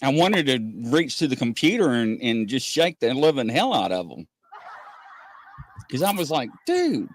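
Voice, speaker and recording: A man co-hosting a casual livestream, chatting with viewers in an animated way and often laughing as he acts out conversations. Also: measured pace, no echo. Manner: animated, laughing, acts out quoted exchanges in a higher voice. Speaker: livestream co-host.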